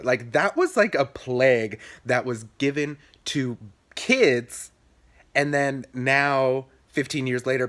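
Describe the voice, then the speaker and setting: Animated young man telling a story. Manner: animated, jumps to squeaky high voices when quoting. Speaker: vlogger. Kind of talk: casual storytelling to camera.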